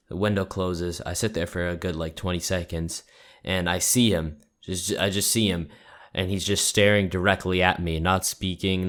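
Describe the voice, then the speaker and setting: A man's voice: low voice, a bit bright. A young man telling rambling, profane stories in a casual vlog, full of "like" fillers. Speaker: YouTuber.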